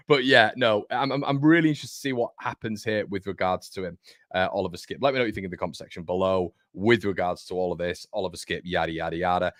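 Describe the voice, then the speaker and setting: A man's voice: sits low, steady tone, quick pace, a bit bright, dry recording, clean studio sound. A man hosting a football fan channel, chatting emphatically about transfers with joking asides. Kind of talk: casual football commentary to camera.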